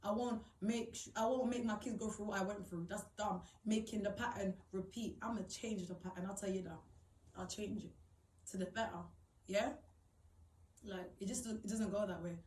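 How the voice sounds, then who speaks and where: A woman's voice: mid-range voice, fairly even intonation, moderate pace, a little mellow, roomy sound, distant mic, poor audio. Indignant young woman. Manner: blunt, swearing, rising to indignant outbursts. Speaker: vlogger. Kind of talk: emotional personal storytelling to camera.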